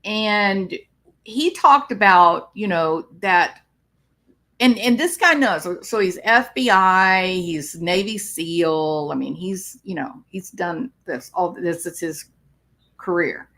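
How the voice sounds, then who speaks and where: A woman's voice: on the low side, animated, slow pace, fairly bright tone. A woman psychologist talking on a live stream, explaining clinical topics and answering viewer comments.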